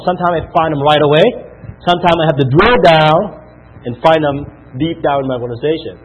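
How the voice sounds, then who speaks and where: A man delivers an animated motivational talk to his business team, repeating himself and firing off rhetorical questions. His voice is husky and sits a little high. The recording is thin and tinny, like a phone line. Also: fast.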